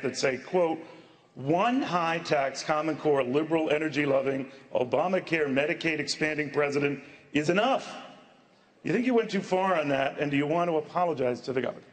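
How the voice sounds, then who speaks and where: Brisk man pressing as debate moderator. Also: fairly high pitch, poor audio.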